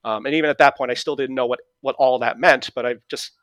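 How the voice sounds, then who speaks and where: A middle-aged man from New England with a New England accent, a guest calmly telling stories about his past with many fillers and restarts. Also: medium pitch, quick pace, no room sound. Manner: relaxed storytelling with fillers and restarts. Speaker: interview guest. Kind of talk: conversational reminiscing.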